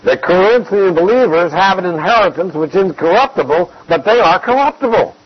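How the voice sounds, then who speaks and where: A man's voice: sits high, animated, breathy edge. Man teaching Scripture on dull lo-fi audio. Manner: measured, emphatic teaching with repeated key phrases. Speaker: Bible teacher. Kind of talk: expository Bible teaching.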